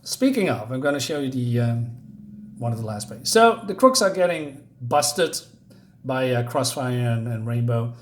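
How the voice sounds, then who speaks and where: Guy reviewing comics in his second language, rambly, lots of uhs, keeps chuckling, middle pitch. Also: lively intonation, moderate pace. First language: not English. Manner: rambling, hesitant, many fillers; chuckles often. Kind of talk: casual video review.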